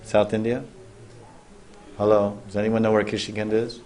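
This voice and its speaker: A man's voice: on the low side, little pitch movement, moderate pace, darkish tone. Man telling a sacred tale to listeners. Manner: loose storytelling with restarts and questions to listeners. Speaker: spiritual teacher. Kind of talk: storytelling sermon.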